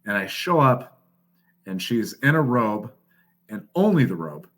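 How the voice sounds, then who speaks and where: A man in his thirties, a guest on a podcast, tells a story casually in a fairly low voice at a slightly slow pace. He's an animated storyteller, swearing often and laughing as he goes.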